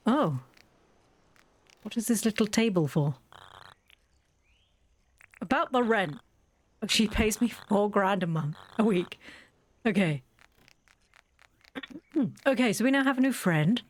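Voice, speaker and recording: With a medium-pitched voice and lively intonation, a woman hosting a gaming channel talks slowly, leaving long pauses. She rambles casually over her gameplay, frequently cutting herself off and starting sentences over.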